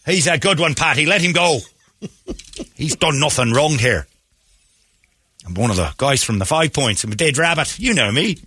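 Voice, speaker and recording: A man's voice: fairly high pitch, lively intonation, normal speed, long pauses, pushed and bright, slightly rough, no room sound, voice pushed up, heavily acted. A man voicing a cheerful Irish-accented fellow sweet-talking the police. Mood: jovial. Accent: put-on Irish.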